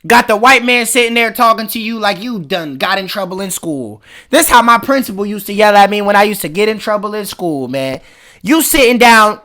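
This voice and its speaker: Animated slangy man reacting to clips. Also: high voice. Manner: loud, animated, slangy, incredulous. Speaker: reaction video host. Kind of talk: comedic reaction commentary.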